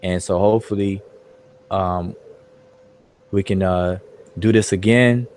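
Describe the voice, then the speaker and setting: A man with a very deep voice leads an online study group. His talk is casual and loose, with repeats and many fillers. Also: fairly even intonation, takes it slowly, a little mellow. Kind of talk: casual discussion.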